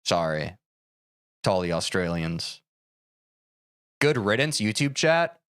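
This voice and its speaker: A man's voice: sits low, very animated, slow pace, fairly bright tone, smooth, no room sound, clean studio sound. A man chatting casually on a live stream, reacting to chat in a jokey, self-deprecating way.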